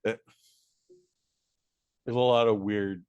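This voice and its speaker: Animated profane man reviewing a film. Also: fairly low pitch, slow, smooth, highs cut off. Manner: animated, profane, acts out quotes. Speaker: podcast co-host, film reviewer. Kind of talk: casual chat.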